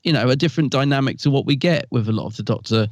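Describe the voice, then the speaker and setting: A man's voice: mid-range voice, very fast, no room sound. A man co-hosting a podcast, chatting with enthusiasm and frequent chuckles. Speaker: podcast co-host. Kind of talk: casual chat.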